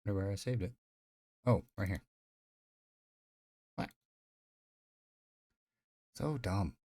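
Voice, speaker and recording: A man's voice: lowish voice, slow, dark tone. A man streaming live, chatting casually in a rambling, profane way full of fillers. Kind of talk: casual livestream chat.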